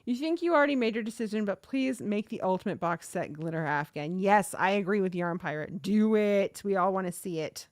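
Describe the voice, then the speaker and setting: A woman's voice: medium pitch, brisk, few pauses, no echo. Chatty woman livestream host in her thirties, dry close mic. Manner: chatty, animated, reads chat aloud. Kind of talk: casual livestream storytelling.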